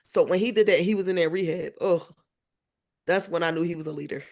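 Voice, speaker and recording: A woman's voice: lowish voice, fairly quick. Mother, guest on an interview podcast. Emotional but upbeat storyteller, laughs a lot, acts out dialogue. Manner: animated, laughs often, acts out remembered dialogue.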